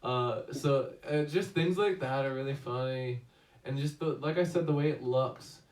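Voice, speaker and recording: A man's voice: medium pitch, normal speed, a little mellow. Casual male reviewer, rambling delivery full of restarts, recorded far from the mic in an echoey room. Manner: rambling, many fillers and restarts. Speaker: movie review host. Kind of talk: casual movie review chat.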